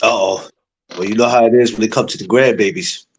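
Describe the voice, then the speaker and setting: A man co-hosting a casual chat who reacts with exclamations and loud laughter. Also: on the low side, steady tone, fairly quick, slight background noise.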